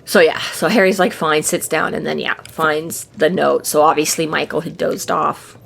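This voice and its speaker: A woman's voice: low-pitched, fairly even intonation, normal speed, creaky, fairly bright tone, slight background noise. A woman co-hosting a book podcast in casual chat, swearing freely and acting out the characters' lines. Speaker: podcast co-host.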